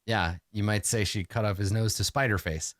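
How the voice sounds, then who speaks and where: A man narrating a tabletop game as game master, halting with many fillers. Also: fairly low pitch, dry recording, clean studio sound. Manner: lively, halting narration full of fillers, slips into character voices.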